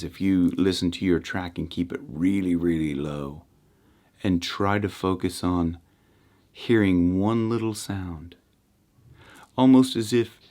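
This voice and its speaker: A man hosting a self-help channel, giving casual meditation advice to camera in a rambling way, with restarts and soft trailing endings. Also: low-pitched.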